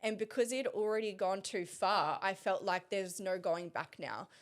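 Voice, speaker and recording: A woman, recounting a personal story as an interview guest, halting with frequent pauses and restarts. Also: medium pitch.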